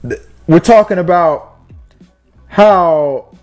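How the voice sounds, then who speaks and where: A man hosting a casual movie podcast, talking in an animated way with many restarts. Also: sits high, slow, faint music behind. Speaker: podcast host.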